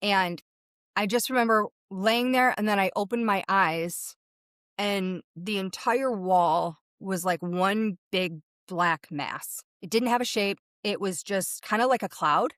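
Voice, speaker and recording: Woman, medium, interview guest; mid-pitched vivid storyteller, dry sound. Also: measured pace, a bit bright, no room sound. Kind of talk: recounting a personal experience in an interview.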